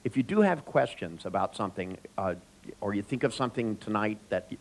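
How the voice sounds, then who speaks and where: Animated, gravelly man teaching a seminar. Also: fairly low pitch, a little fast, rough recording. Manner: animated storyteller, joking, addresses audience directly. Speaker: seminar speaker. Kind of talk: live seminar talk with anecdotes.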